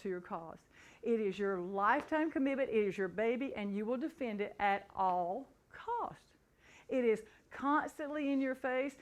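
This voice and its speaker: A middle-aged woman giving a motivational talk, telling her story with animated, building excitement. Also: medium pitch. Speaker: motivational speaker.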